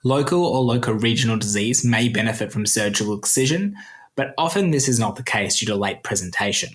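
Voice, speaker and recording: A man's voice: lowish voice, expressive. A man with an Australian accent co-hosting a podcast, reading through a dense medical summary and laughing easily between points. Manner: brisk, dense with technical terms, laughs easily. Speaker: podcast co-host.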